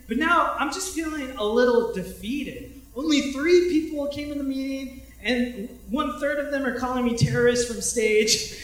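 A male pastor telling a story in a sermon, animated, breaking into shouts and acting out quotes from a stage. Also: extremely high pitch, normal speed, far from the mic. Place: large echoey hall, speaking from a stage. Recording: echoey hall, voice from off-mic.

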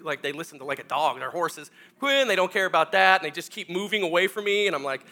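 A middle-aged male pastor tells a long comic story from the pulpit, acting out every scene and poking fun at himself. His voice sits high for a man and has a bright, forceful edge. He swings between hushed asides and loud, excited bursts. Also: brisk. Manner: animated, self-mocking storyteller acting out scenes.

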